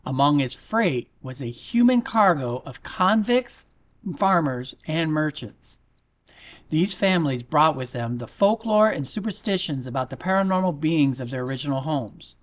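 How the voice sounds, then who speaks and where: A man's voice: a little high, animated, normal speed. Jokey male podcast host. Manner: jokey, puts on a fake accent at the start. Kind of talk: casual podcast storytelling.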